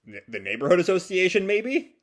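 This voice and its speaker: A man's voice: sits high, very animated, a little fast, pitched above the performer's own voice. A man reading the lines of a chatty, nosy neighborhood customer.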